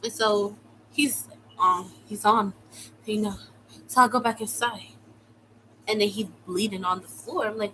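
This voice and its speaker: A young woman from the United States telling a personal story in a casual, slangy way, with sudden loud outbursts. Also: mid-range voice, unhurried, pauses often, a little hiss or hum, poor audio. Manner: animated, slangy, swings into loud exclamations. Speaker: vlogger.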